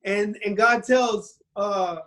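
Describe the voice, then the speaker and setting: A man's voice: high voice, fairly even intonation, takes it slowly, fairly bright tone. A man on a casual podcast retelling a Bible story, often restarting his sentences and acting out the quotes. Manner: rambling storyteller, frequent restarts and acted quotes.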